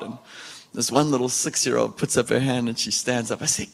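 A man preaching a lively sermon in a church, breaking into loud laughter and shouts as he urges the congregation on. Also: on the high side, normal speed. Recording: echoey church hall.

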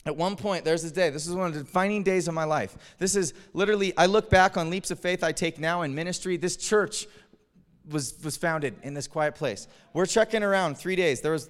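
A man preaching from the stage, his clear, resonant voice pitched a little high. He tells a personal story with animated energy and chuckles along the way. A long reverb from the hall trails behind each phrase. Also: a little fast. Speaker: pastor. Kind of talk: storytelling sermon. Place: church hall.

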